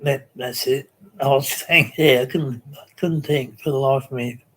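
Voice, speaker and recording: An Australian man hosting a live stream, chatting casually with viewers and reading their comments, slow and rambling with many pauses and restarts. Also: mid-range voice, fairly even intonation, a bit bright.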